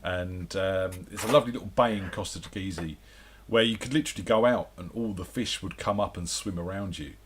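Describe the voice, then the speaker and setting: A man's voice: low-pitched, a little fast, slight background noise. A man, a guest musician chatting casually on a radio show, telling rambling stories.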